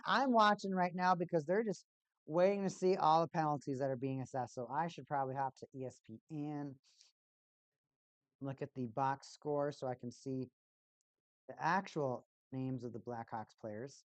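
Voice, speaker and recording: A woman's voice: deep voice, moderate pace, no room sound. A woman streamer giving casual play-by-play and exasperated fan commentary on a hockey game.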